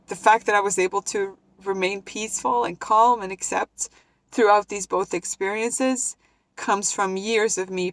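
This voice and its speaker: A young woman earnestly sharing a personal story in a vlog, emotional and heartfelt, often restarting her sentences. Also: mid-range voice. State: emotional, near tears. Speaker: vlogger. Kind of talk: personal reflective talk to camera.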